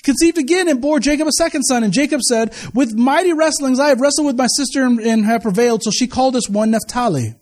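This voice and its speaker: Middle-aged male pastor, high-pitched, animated and chatty from the pulpit. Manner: animated, conversational preaching with asides and quick retellings. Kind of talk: sermon.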